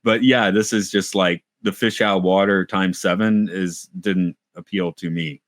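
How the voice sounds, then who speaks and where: A man's voice: low voice, fairly even intonation, measured pace, no echo, studio quality. A man in a casual podcast chat who rambles, restarts his thoughts and thinks aloud. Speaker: podcast co-host. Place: lives in Japan.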